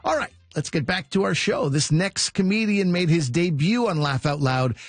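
A male radio host reading scripted introductions between comedy sets in a smooth announcer style. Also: a little high, animated, moderate pace, no echo. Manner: smooth, read announcer delivery. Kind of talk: scripted broadcast links. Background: music bed.

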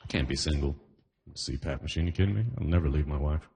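Stand-up comic, man from the Caribbean, deep voice, casual rambling delivery with constant check-ins to the crowd. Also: fast, noisy background. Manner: conversational, peppered with "you know what I mean". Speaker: stand-up comedian. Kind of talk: stand-up comedy set.

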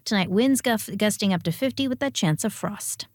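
A woman reading a radio news bulletin and weather forecast in a measured, crisp way. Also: medium pitch, lively intonation, dry recording. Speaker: newsreader. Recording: dry studio sound.

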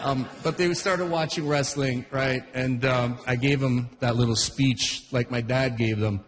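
A man's voice: mid-range voice, fairly even intonation, unhurried, in a large hall, slight background noise. A middle-aged man doing a stand-up set, rambling through stories and cutting himself off mid-sentence. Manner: rambling, self-interrupting storyteller. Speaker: stand-up comedian.

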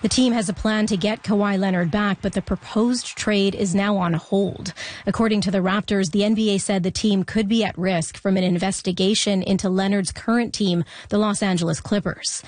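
A woman anchoring a radio newscast in a studio, reading the news in a measured, even delivery. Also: mid-range voice, dry recording. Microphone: studio microphone.

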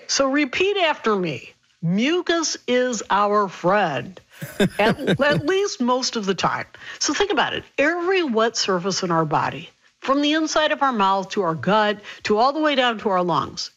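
A woman physician explaining health topics in a radio interview, brisk and clear. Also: fairly high pitch, fairly bright tone, muffled recording.

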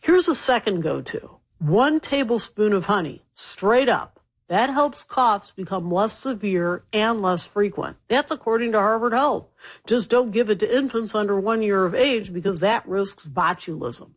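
A woman doctor, still getting over a cold, explaining health facts clearly and emphatically as a radio guest. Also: medium pitch, animated, a little slow, highs cut off. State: recovering from a cold.

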